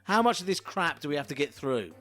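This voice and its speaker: A man's voice: fairly high pitch, very animated, fast talker, pushed and bright, faint music behind. A man co-hosting a comedy podcast, grumbling and sweary. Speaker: co-host. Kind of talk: casual comedy podcast chat.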